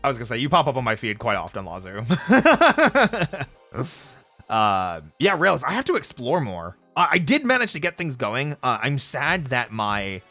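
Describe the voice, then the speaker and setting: A man streaming casually, chatting with viewers in an animated, jokey way and laughing often. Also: mid-range voice, moderate pace, dry recording. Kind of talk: casual live-stream chat answering viewers. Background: faint background music.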